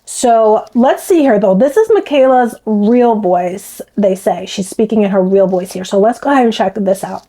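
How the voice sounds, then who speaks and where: A woman's voice: mid-range voice, moderate pace, hardly any pauses, mellow. A woman with a faint Bronx accent, rambling through casual commentary with many restarts. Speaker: commentary vlogger.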